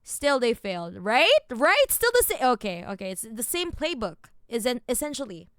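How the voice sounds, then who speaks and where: A woman streamer with a fairly high, smooth, crisp voice. She reads documents aloud in a low mutter, then breaks into loud, profane, angry rants. The sound is close and dry, with no room echo. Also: very animated, normal speed. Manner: angry, profane, swings between muttered reading and loud ranting. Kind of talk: reacting to and reading out documents.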